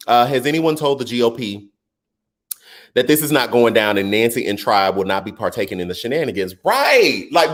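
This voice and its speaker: A man hosts a live stream, reading viewers' comments and offering casual political commentary. He's animated and excitable, with his voice jumping up high.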